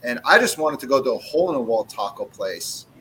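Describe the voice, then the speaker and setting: A man's voice: medium pitch, sing-song, brisk, bright, forceful tone, a little hiss or hum, low-quality recording. A man in his forties who owns a cigar brand, telling blunt, profane stories in a casual interview chat. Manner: blunt, profane, brash storytelling.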